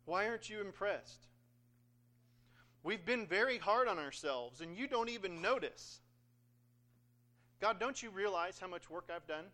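A man's voice: high voice, expressive, a little slow, pauses often, sharp tone, voice pushed up, exaggerated voice. A man in a sermon voicing a whiny, self-pitying young sorority girl who complains and brags. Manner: whiny, self-congratulating, sing-song.

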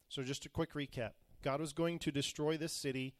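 A man's voice: on the high side, fairly even intonation, a little fast, few pauses, dry recording. A man preaching a sermon, retelling scripture in plain, modern words and acting out the quoted voices. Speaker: pastor.

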